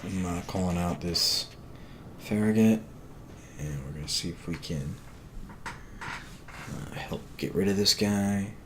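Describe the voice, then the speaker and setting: A man calmly commentating his own game replay, tired and hesitant with many fillers. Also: low-pitched, slow, pauses often, slight background noise. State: tired, yawning. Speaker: gameplay commentator.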